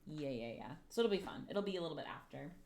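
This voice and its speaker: On a casual craft livestream, a nervous woman mutters to herself and to her materials, swearing frequently. Her low voice is expressive and fast, with noisy background sound.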